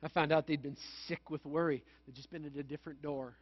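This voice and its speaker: High-voiced man preaching a sermon. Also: steady tone, quick pace. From Manitoba, Canada. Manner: conversational, storytelling, self-mocking humor. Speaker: pastor. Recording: dull, lo-fi sound.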